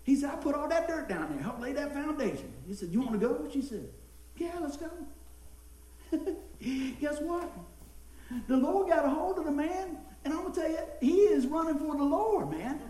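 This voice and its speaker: A man's voice: very high-pitched, moderate pace, roomy sound, poor audio. A man preaching a sermon as pastor, telling a story with lots of laughter. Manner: storytelling, animated, laughs often.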